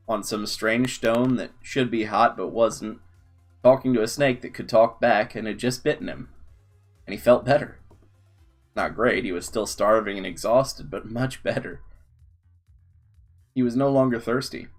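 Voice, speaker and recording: A man with a low voice reads a long story aloud, steady and unhurried. Faint guitar music sits quietly beneath his narration.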